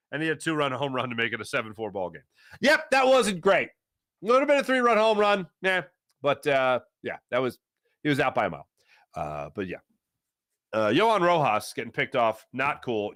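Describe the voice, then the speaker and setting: A middle-aged man hosting a live sports talk show, answering chat in a rambling, animated way. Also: no room sound, studio quality. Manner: animated, rambling, swings between low asides and loud bursts.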